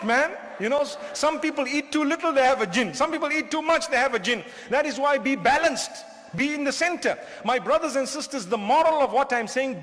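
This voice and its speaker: A man preaching to a live crowd with a very high voice for a man, carried by a long hall reverb. He is animated and humorous and keeps throwing questions at his listeners. He is from southern Africa. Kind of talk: lecture to a live audience.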